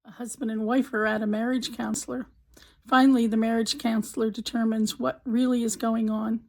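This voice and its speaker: A woman's voice: a little high, little pitch movement, brisk, creaky, a little mellow, poor audio. A woman telling a countdown of marriage jokes as the channel host, building to each punchline. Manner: storytelling with punchline delivery. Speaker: joke teller, channel host. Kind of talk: scripted joke countdown narration.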